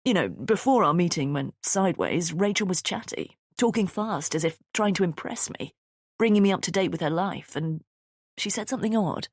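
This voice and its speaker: A woman voicing a composed middle-aged man in an audiobook, measured and reasonable in tone. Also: lowish voice, expressive, husky, no echo, clean studio sound. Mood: guarded.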